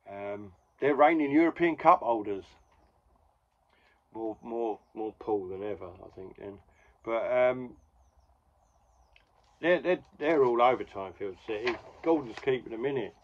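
A man's voice: fairly low pitch, moderate pace, highs cut off. A man in his forties casually retelling a comic strip with wry asides. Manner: wry, conversational, full of asides. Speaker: comics podcast host.

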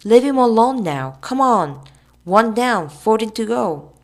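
A woman's voice: fairly high pitch, lively intonation, unhurried, voice pushed up. A woman voicing a bossy boy who laughs nervously while trying to stay brave.

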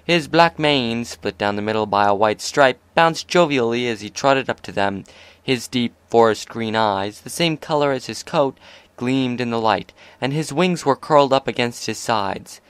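A man narrating a fan fiction story aloud in a steady, even delivery. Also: medium pitch, normal speed, smooth, dry recording.

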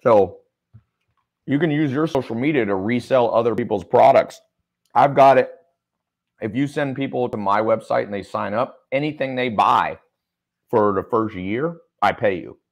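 This online business mentor hosts a livestream from a studio with a sound engineer, reading chat comments aloud and joking loosely. His voice is fairly low, his pace normal, and he pauses often.

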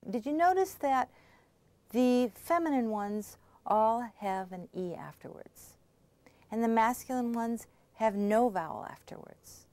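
A woman language instructor giving a scripted pronunciation lesson, explaining patiently and clearly and checking in often. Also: a little high, lively intonation, measured pace, warm tone, no room sound.

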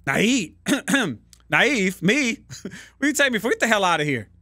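A man giving casual, profane gameplay commentary, prone to loud excited outbursts. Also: sits high, measured pace, no echo. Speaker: gaming YouTuber.

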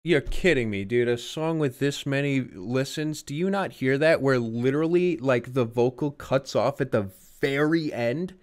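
A young man streaming casual music reaction commentary, profane and incredulous, often breaking into loud outbursts. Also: mid-range voice, normal speed, hardly any pauses. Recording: song playing faintly behind.

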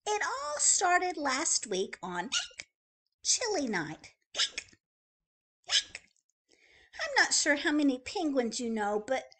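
A woman's voice: high-pitched, a bit bright, pitched above the performer's own voice, full character voice. A woman voicing a fretful little penguin with hiccups, chatty and pleading, in a children's storybook read-aloud.

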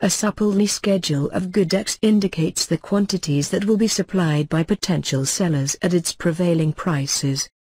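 A man reading economics lecture notes aloud as a lecturer, in a measured, formal textbook delivery. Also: high voice, a little mellow, breathy edge, no room sound.

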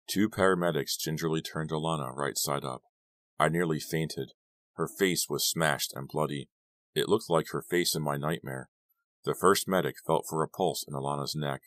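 A man narrating an audiobook in steady storytelling. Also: very deep voice, normal speed, no echo. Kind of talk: scripted narration.

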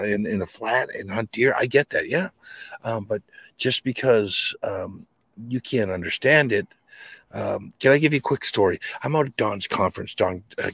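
A man from New England with a Boston accent, a podcast guest telling rambling, animated anecdotes in casual conversation. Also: medium pitch, breathy edge, dry recording. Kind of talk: casual storytelling.

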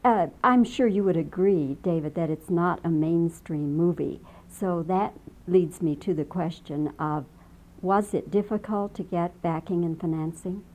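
A woman interviewer asking polite, measured questions. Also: fairly low pitch, a little mellow, low-quality recording. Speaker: interviewer, host.

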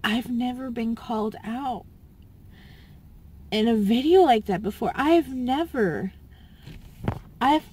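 Woman, high voice, slow and halting, tearful, repeats herself. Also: mellow, husky. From Southern US. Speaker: YouTuber. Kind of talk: emotional personal vlog.

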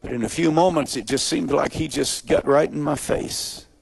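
A man preaching his own testimony in a gravelly, mid-pitched voice, building to loud peaks and then dropping to near-hushed asides. The sound is close and dry, with little room around it. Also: normal speed, dry recording. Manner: dramatic storyteller, swinging from loud high emphasis to quiet low asides. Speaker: evangelist telling his testimony. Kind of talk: sermon testimony storytelling.

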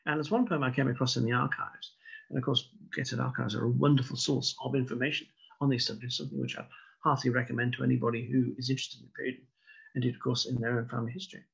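A man giving a local history talk in a measured storytelling way, with wry asides. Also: mid-range voice, steady tone, vocal fry, fairly bright tone, slightly rough. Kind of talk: lecture. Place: indoors, online broadcast talk. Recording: dull lo-fi recording.

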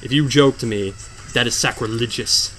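A man commentating a hard video game, sarcastic and mock-dramatic, swinging from low mutters to sudden outbursts. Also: moderate pace, a bit bright, soft background music. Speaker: gameplay commentator. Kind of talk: let's play commentary.

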